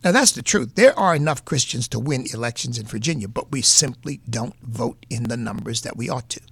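A man's voice: mid-range voice, expressive, a little fast, vocal fry, a bit bright, husky, dry recording. A man with a New England accent giving earnest, folksy political commentary as a radio host, repeating points for emphasis.

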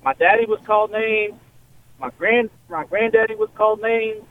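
A man calling in to a radio show, speaking earnestly with halting restarts. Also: high-pitched. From West Texas. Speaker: caller. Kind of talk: phone-in call. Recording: tinny phone line.

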